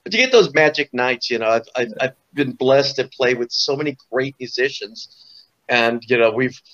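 A man in his sixties from Orange County in Southern California speaks in a mid-range, slightly bright voice at a moderate pace, on a lo-fi recording. He's a guest musician in a casual interview, rambling through stories full of "you know" and restarts.

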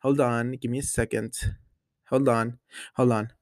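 A nineteen-year-old man hosting his own podcast, chatting casually in a gushing way with lots of fillers and sudden excited jumps in pitch. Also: unhurried, no room sound. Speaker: solo podcast host. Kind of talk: casual chat.

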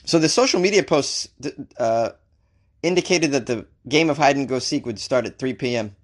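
A man's voice: mid-range voice, normal speed. Wisecracking male news show host. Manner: animated, with jokey asides and chuckles. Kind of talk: comedic news commentary.

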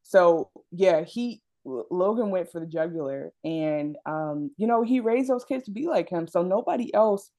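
A woman co-hosting a casual TV recap chat, relaxed, thinking aloud with fillers. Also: lowish voice, moderate pace, few pauses. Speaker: podcast co-host.

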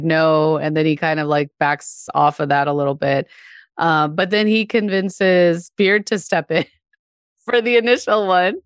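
A woman's voice: on the low side, clear, resonant tone, dry recording, clean studio sound. A woman co-hosting a podcast, chatting casually about a TV episode, with lots of fillers and frequent laughs. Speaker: podcast co-host. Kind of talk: casual chat about a TV show.

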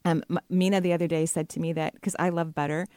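A middle-aged woman hosting a talk radio show as a psychic medium, chatty and enthusiastic and quick to laugh. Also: lowish voice, level tone, warm tone, no echo, clean studio sound.

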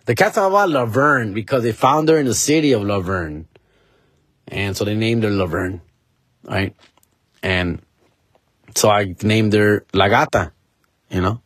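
A man's voice: lowish voice, fairly quick, husky, dry recording. A man, hosting a podcast and telling a story casually, dropping Spanish phrases and calling the listener "fool" and "dog". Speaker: podcast host.

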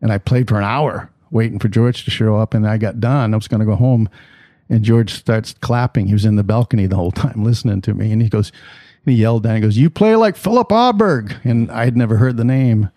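A man with a mellow, dark voice telling easygoing stories about his life in music. He talks casually and with animation, in a dry room with little reverb. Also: fairly low pitch, steady tone, quick pace. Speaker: musician guest. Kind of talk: conversational storytelling.

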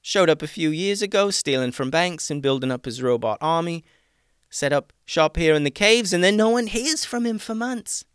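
Rambling, flustered shopkeeper, put on by a man, higher voice, storybook. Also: animated, normal speed, fairly bright tone, clean tone, no room sound, clean studio sound. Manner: flustered, rambling, repeats words. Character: flustered, chatty pet shop owner man. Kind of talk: storybook character voice.

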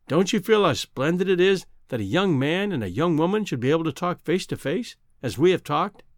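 A man reading a storybook, voicing a proud young woman who gently turns down a suitor in a lightly reproving way. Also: a little high, sing-song, a little fast, no echo, clean studio sound. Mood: teasing. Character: proud, teasing young woman being courted.

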